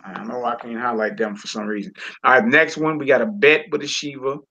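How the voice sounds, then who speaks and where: Gravelly bright-voiced man teaching. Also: mid-range voice, steady tone, a little hiss or hum, poor audio. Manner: casual, repeats words, drills syllables slowly. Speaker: Hebrew teacher. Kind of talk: live-streamed lesson.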